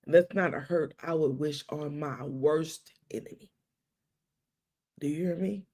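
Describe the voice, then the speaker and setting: A middle-aged woman tells a personal story on her live stream. Her voice has a gravelly edge, and she acts out the dialogue, dropping to a hush and then climbing high with feeling. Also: measured pace. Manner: animated storytelling with quoted dialogue and dramatic hushes. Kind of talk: casual live-stream talk.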